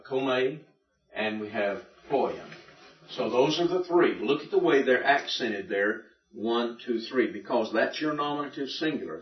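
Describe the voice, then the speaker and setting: Guy teaching a class, calm and patient, far off mic, echoey room. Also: medium pitch. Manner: patient, step-by-step explaining. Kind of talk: classroom Greek lesson. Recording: dull, echoey classroom recording from afar.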